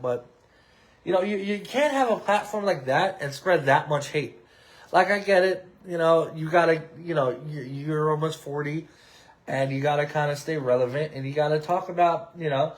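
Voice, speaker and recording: A man in his thirties hosting a podcast from his apartment, ranting in a heated, rambling way with lots of swearing and restarts. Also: on the high side. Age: 30s. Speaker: podcast host. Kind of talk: casual opinion rant.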